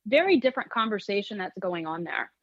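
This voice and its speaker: A woman guest who trains dogs, talking in an interview in a lively, emphatic way and often restarting phrases. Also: medium pitch, fast, dry recording. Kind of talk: conversational interview. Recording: dull lo-fi audio.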